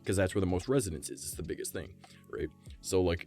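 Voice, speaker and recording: A man with a raspy voice chatting casually on a live stream, swearing freely and demonstrating how his voice moves between low and high. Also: quick pace, a little mellow, soft background music.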